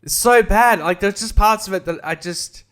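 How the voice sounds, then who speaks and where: A man with a fairly high voice rants about a movie on his podcast. He swears freely, laughs at his own jokes and mocks the characters with quick, sarcastic impressions. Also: a bit bright, clean tone. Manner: sarcastic, mocking impressions, profane, laughs often. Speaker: podcast host. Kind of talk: casual film review rant.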